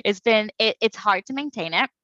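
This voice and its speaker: A woman's voice: medium pitch, animated, a little fast, a bit bright, dry recording, highs cut off. A woman in her thirties talking candidly and reflectively as a podcast guest, laughing often. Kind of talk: casual conversation.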